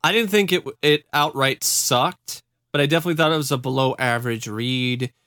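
A man co-hosts a podcast with short, dry comments and a quick review. His voice is smooth and clear at a middle pitch. The recording is dry, with no room sound. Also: a bit bright, no room sound. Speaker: podcast co-host. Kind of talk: casual chat.

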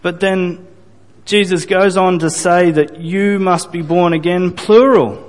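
A man preaching a sermon to his congregation, earnest and deliberate, repeating phrases and restarting sentences as he builds his point. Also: high voice, fairly even intonation, long reverb tail. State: briefly choked up. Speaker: pastor.

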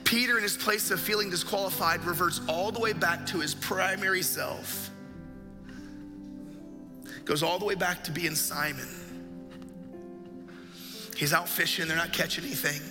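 Male pastor, sermon, emphatic storytelling, slightly high voice, echoey hall. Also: moderate pace, pauses often. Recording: echoey hall with faint music.

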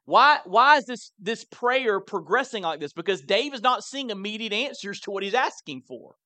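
A man's voice: high voice, animated, moderate pace, sharp tone, dry recording. A man pastor preaching a sermon in a conversational way, often repeating words as he stresses a point.

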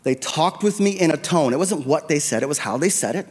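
A man's voice: fairly high pitch, expressive, brisk, husky. A middle-aged man preaching a sermon as a pastor, telling a personal story in an earnest, confessional way, on a handheld microphone. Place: church sanctuary. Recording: long reverb of a church hall.

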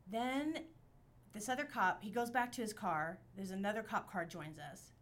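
A woman on a podcast telling a story in casual chat, animated and profane, acting out the quotes. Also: medium pitch, normal speed. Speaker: podcast guest.

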